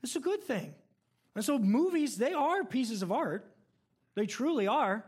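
A male pastor giving a sermon in a conversational, animated way, telling stories and laughing along the way. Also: extremely high pitch, measured pace, husky.

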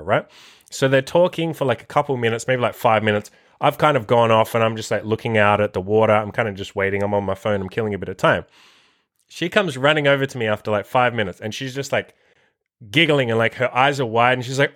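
A young man tells a story to his viewers in a loose, profane way, full of "like" and other fillers. His voice sits at an ordinary middle pitch. The recording is dry and close. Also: brisk, fairly bright tone, no room sound. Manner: profane, filler-heavy, lots of "like". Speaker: vlogger. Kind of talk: casual storytelling to camera.

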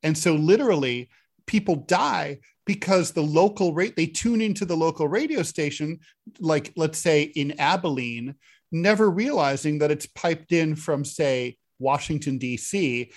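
A man co-hosting a political talk podcast in a casual, sardonic way. His voice sits a little high for a man, and his jokes land deadpan. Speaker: podcast co-host.

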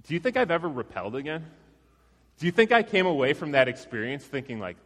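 A man preaching a sermon, telling a personal story in a relaxed, self-deprecating way before turning to scripture. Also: fairly high pitch, fairly quick. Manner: conversational, self-deprecating, with laughs. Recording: long reverb of a large hall.

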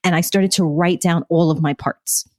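A woman co-hosting a podcast, telling a personal story in an expressive way and acting out remembered dialogue. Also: lowish voice, moderate pace, no echo, studio quality. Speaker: podcast co-host.

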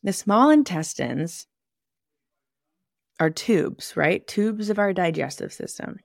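A woman's voice: fairly low pitch, expressive, takes it slowly, creaky, dry recording, clean studio sound. A woman hosting a podcast, explaining anatomy in a chatty, thinking-aloud way with asides. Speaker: podcast host and manual therapist. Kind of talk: casual educational monologue.

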